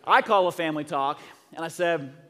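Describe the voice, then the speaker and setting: Animated pastor telling stories in a hall. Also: male voice, fairly high pitch, a little fast. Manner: animated storyteller, acting out family dialogue, swings from soft to loud. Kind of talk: sermon storytelling. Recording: long hall reverb.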